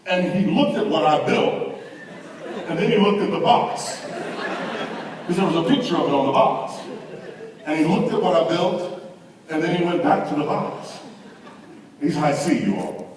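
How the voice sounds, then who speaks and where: A man giving an animated comic storytelling speech to a live audience in a large hall. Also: fairly high pitch, normal speed, pauses often, far from the mic. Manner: animated, rising to mock outrage. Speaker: conference speaker. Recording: echoey hall, speaker heard from afar.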